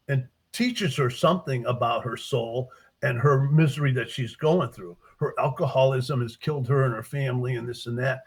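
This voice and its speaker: Man, author guest, husky voice, animated storytelling, acts out dialogue. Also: mid-range voice. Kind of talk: casual interview, retelling his stories.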